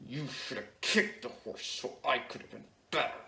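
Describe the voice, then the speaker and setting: A woman's voice: very deep voice, moderate pace, vocal fry, bright, forceful tone, full character voice. A young man voicing his bossy, sulky little sister as a blunt young girl.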